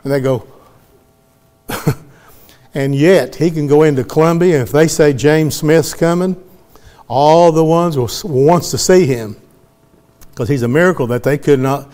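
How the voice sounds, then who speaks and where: A man's voice: fairly high pitch, a little mellow. A middle-aged man, preaching a sermon as he tells a story in a folksy way and acts out the voices of the people in it. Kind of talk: sermon testimony.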